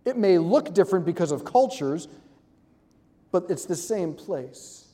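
Lively man speaking in a big hall. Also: sits high. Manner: animated, jokey, acts out quick voices. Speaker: speaker giving a talk. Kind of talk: live talk to an audience. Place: large hall with audience.

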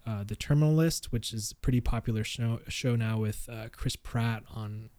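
A man's voice: lowish voice, moderate pace, a little mellow, no echo. A man co-hosting a casual chat, telling stories in an easygoing way and laughing often. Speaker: podcast co-host.

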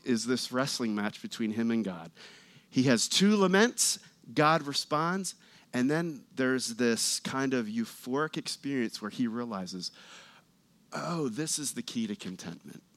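Guy preaching in church, chatty and animated, medium pitch, dry close sound. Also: a little slow, dry recording. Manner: conversational, animated, rises for scripture readings. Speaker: pastor. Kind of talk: sermon.

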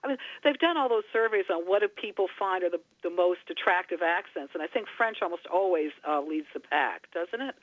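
A high-pitched man talks as a radio guest, halting and correcting himself as he goes. The sound is thin and phone-like, and dry. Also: dry recording. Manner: halting, lively, self-correcting. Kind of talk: casual radio conversation.

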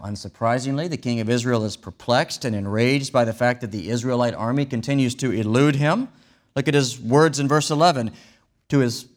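Man preaching a wry, lively sermon. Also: medium pitch. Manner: wry, conversational preaching with vivid retellings. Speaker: pastor.

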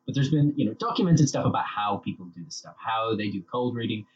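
A man co-hosting a casual comedic podcast, ranting in an animated, sweary way as he reviews a show. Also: fairly low pitch, fast talker, breathy edge. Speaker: podcast co-host. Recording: slightly dull with faint noise.

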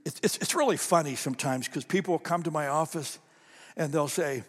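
A man's voice: on the high side, fairly quick. A man preaching a sermon as pastor, telling stories with animation and repeating phrases for emphasis. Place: church sanctuary. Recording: long reverb of a large church hall.

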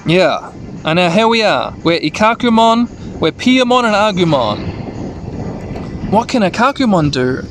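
A man's voice: high voice, animated, unhurried, fairly bright tone, a little hiss or hum. A man narrating a video game playthrough, reading the dialogue aloud and adding rambling asides. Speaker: let's-play narrator.

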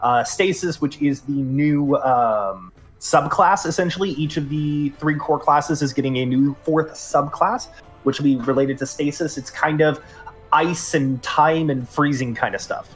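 A man's voice: fairly high pitch, a little slow, soft background music. A man hosting a gaming podcast, chatting casually through the news with lots of fillers. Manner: rambling, filler-heavy. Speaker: podcast host.

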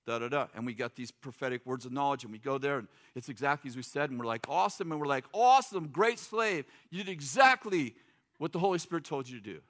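A man's voice: medium pitch, fast talker, a bit bright. A middle-aged man preaching a sermon in a loose, joking, conversational way, acting out quotes. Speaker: pastor.

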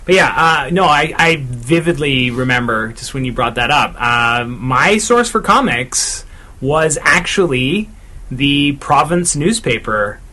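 Bright-voiced chatty man on a podcast. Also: mid-range voice, lively intonation. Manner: chatty, many "uh" pauses while recalling. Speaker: podcast co-host. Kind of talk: casual chat.

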